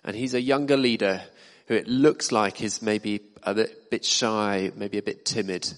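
A man with a fairly low voice preaches a sermon, chatting to the congregation and asking them questions. His voice carries a long hall reverb, as if picked up in a church hall. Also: fairly even intonation, normal speed. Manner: conversational, asks the congregation questions.

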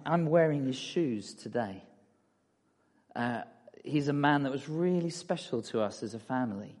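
Middle-aged male preacher, easygoing and talky, a bit high-pitched, heard in a reverberant hall. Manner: relaxed and chatty, many fillers, asks audience "yeah?". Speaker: speaker at a church talk. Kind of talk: conversational sermon with slides.

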